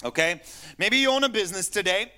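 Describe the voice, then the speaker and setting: Animated bright-voiced male preacher. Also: high-pitched, brisk. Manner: animated storytelling, teasing asides to the congregation; rhetorical questions to the listeners. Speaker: pastor. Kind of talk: sermon.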